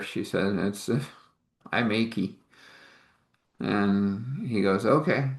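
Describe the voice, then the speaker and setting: Low-voiced guy rambling out a made-up story, doing the voices, kinda echoey room. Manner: rambling, halting, acts out dialogue in shifting voices. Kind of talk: improvised spoken storytelling.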